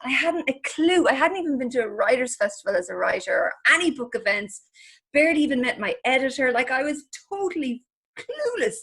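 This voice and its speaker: Husky Irish woman, candid panel chat. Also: sits high, sing-song, fairly quick, fairly bright tone. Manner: candid, self-deprecating storytelling. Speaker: crime writer on a panel.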